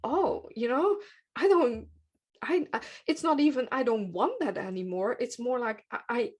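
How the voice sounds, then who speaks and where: A woman's voice: on the high side, lively intonation, moderate pace, darkish tone, husky. A woman hosting a podcast interview, thinking aloud as she searches for words and laughing often. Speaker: podcast host. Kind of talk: conversational interview.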